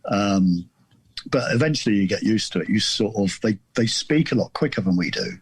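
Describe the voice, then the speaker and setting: A middle-aged man from the south of England, a podcast guest and author, tells a story in a casual, rambling, self-deprecating way and restarts often. His husky voice sits on the low side with lively intonation and a moderate pace. The recording has no echo.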